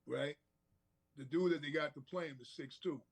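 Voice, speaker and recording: A man's voice: on the high side, moderate pace, gravelly, slightly rough. A man co-hosting a casual podcast, telling rambling stories with laughs and restarts. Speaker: podcast co-host. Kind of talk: casual chat.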